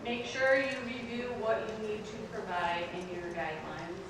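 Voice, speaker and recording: A woman acting as events manager, giving brisk, practical instructions to an audience. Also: mid-range voice, fairly even intonation. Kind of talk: event announcements. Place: large convention hall. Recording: echoey hall from far off, noisy.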